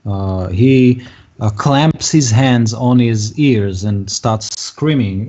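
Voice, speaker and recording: A man's voice: medium pitch, slow. Man running a tabletop game. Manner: hesitant, many fillers, puts on shouting voices for figures. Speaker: game master. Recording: dull lo-fi voice chat audio.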